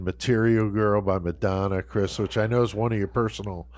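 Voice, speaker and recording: A man's voice: lowish voice, steady tone, fairly quick, a little mellow. A man co-hosting a comedy podcast, laid-back, laughing along and setting up the segment. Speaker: podcast co-host. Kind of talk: casual chat.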